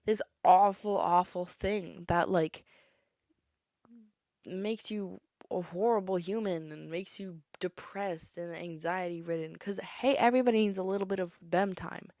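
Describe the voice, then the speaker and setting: A woman's voice: mid-range voice, unhurried, a little mellow, dry recording, clean studio sound. A young woman, possibly a teenager, hosting a casual solo podcast, chatty and opinionated, sometimes breaking into song. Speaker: podcast host.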